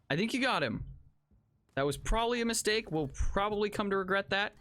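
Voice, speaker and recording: An excitable let's play host talking through a game in casual commentary. The voice swoops up and down with lively pitch, jumping from sudden outbursts to wry, self-mocking asides aimed at viewers. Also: a little fast. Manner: excitable, reacts aloud to the action.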